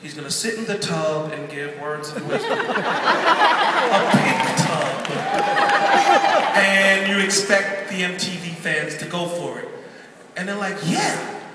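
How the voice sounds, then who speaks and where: Animated man preaching in echoey hall. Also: sits high, moderate pace, recorded from a distance, over a noisy crowd, heavy background noise. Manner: lively, animated, acts out quotes. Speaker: guest preacher telling his story. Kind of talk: storytelling sermon. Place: large church hall. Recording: echoey church hall from afar.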